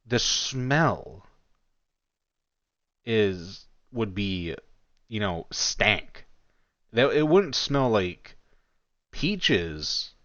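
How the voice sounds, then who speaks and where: A man with a fairly low voice gives casual commentary in a mocking, incredulous tone and swears freely. The recording is dry and a little dull, with no room sound. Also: big pitch swings, drawn-out words, pauses often, a bit bright, no room sound.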